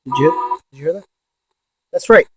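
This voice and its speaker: Guy doing a ghost box vlog, kinda high voice, all worked up, dry sound. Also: moderate pace, husky, no room sound. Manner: excitable, talks to spirits, swears when insistent. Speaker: paranormal investigator.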